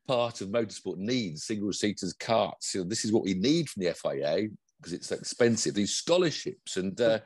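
Lively husky-voiced British man chatting. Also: on the low side, moderate pace, hardly any pauses, no echo, clean studio sound. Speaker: motorsport podcast co-host. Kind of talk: casual chat.

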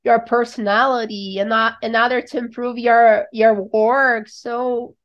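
Slow, higher-voiced woman leading a chat. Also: little pitch movement, dull audio. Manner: measured, hesitant, asks the group questions. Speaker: conversation group moderator. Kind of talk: casual chat, English conversation practice.

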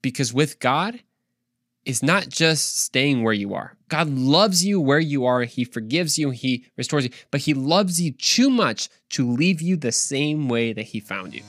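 A young adult man hosting his own podcast, giving a casual devotional talk in an animated, slangy, conversational way. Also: mid-range voice, measured pace, no echo, clean studio sound. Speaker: podcast host.

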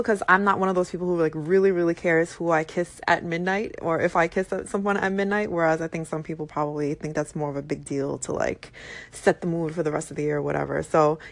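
A young woman talking casually as a host, wandering through her thoughts with plenty of "like" and "you know". Her voice sits a little low. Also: no room sound. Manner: chatty, thinks aloud with many fillers. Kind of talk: casual chat.

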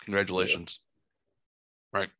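A middle-aged man with a bright, forward voice tells a rambling story full of swearing. He talks animatedly in a casual podcast chat, and the sound is close and dry. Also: low voice, monotone, unhurried, dry recording. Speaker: podcast host. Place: home studio.

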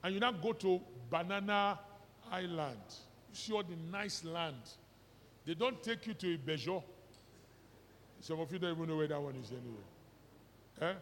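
This middle-aged pastor, Nigerian-accented, preaches at a moderate pace with long pauses, his voice a little high and fairly bright. He moves between pidgin and English and fires rhetorical questions at the congregation. The church hall recording is reverberant, with a little hiss or hum.

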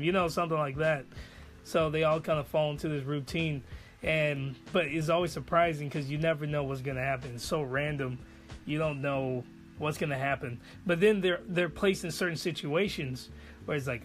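A man's voice: on the high side, fairly even intonation, normal speed, faint music behind. A man giving a casual spoken review of an anime in a rambling, enthusiastic way.

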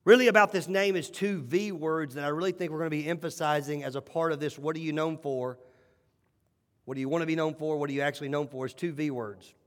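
A male pastor preaching a sermon with animated, emphatic storytelling and repeated phrases. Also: a little high, quick pace. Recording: long hall reverb.

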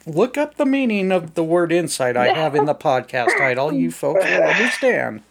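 Dude hosting a wrestling podcast, jokey and rambly, laughs a lot. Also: male voice, on the high side, very animated, normal speed, vocal fry, a crowd in the background. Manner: joking, rambling, laughs often. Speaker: podcast host. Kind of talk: casual chat.

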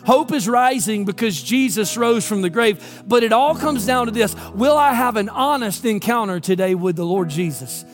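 A man's voice: sits high, expressive, normal speed, hardly any pauses, faint music behind. A male pastor preaching an impassioned sermon, full of emphatic rhetorical questions.

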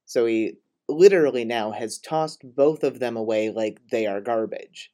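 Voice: medium pitch, lively intonation, measured pace, mellow. Dry-witted podcast co-host. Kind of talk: casual chat recapping a film.

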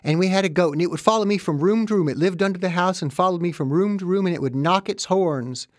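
A woman's voice: on the low side, fast, no room sound, clean studio sound, voice pushed up, lightly acted. A man voicing a dazed middle-aged mother who fondly recalls a childhood pet, in a raised, sing-song voice. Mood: wistful.

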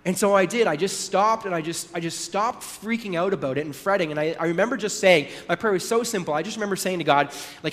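Speaking quickly, a male pastor with a high, fairly bright voice preaches in a conversational way. His storytelling is dotted with offhand asides and brief acted voices, all echoing in a long hall reverb.

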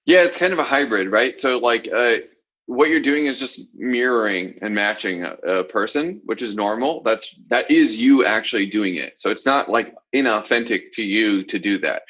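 A man from the Southern US coaching confidently in a casual podcast chat, with animated asides. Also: medium pitch, moderate pace, breathy edge, muffled recording. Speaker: sales coach, podcast co-host.

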